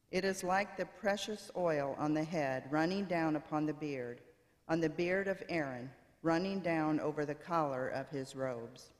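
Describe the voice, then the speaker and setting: A man reading scripture and a psalm aloud in a church service, in a measured, unhurried way. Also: a little high. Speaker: scripture reader. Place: church sanctuary. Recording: church with long reverb.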